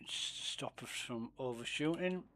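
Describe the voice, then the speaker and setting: A man's voice: medium pitch, moderate pace, a bit bright, slight background noise. A man streaming a space game, chatting casually, swearing freely and muttering asides under his breath. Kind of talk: casual gameplay commentary.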